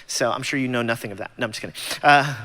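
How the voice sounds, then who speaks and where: Church testimony speaker, forties, easygoing and self-mocking, recorded in an echoing sanctuary. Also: male voice, mid-range voice, rapid-fire, sharp tone. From Los Angeles, USA. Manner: conversational storytelling with self-deprecating humor. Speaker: guest speaker at church gathering. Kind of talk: personal testimony talk. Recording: long church-hall reverb.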